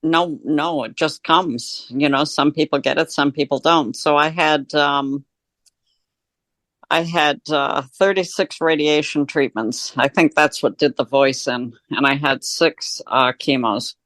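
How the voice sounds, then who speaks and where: A woman guest with a deep, husky voice, chatting candidly and laughing easily on a remote call. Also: steady tone, measured pace, fairly bright tone, no room sound. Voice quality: deep, husky voice changed by throat illness. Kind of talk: casual chat over a remote call.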